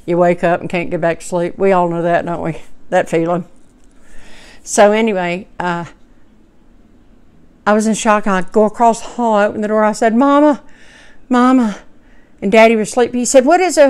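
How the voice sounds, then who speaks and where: Woman, fifties, heartfelt rambling storyteller, smooth clear voice, mid pitch. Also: fairly even intonation, moderate pace, pauses often, a little mellow. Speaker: vlogger. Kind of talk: personal storytelling to camera.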